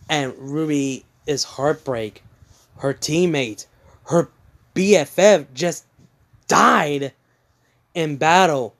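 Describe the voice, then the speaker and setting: Slow halting male storyteller. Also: on the high side, fairly bright tone. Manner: halting, many fillers and restarts. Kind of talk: casual spoken retelling of a fan story.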